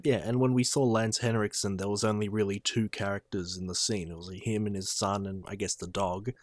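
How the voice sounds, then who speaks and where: Low-voiced man discussing a film. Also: fairly even intonation, fairly quick, no room sound, clean studio sound. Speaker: film podcast co-host. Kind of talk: casual film review chat.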